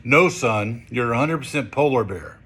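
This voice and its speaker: A man voicing a steady father polar bear who answers his cub firmly in a lowered voice. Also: normal speed, slightly rough.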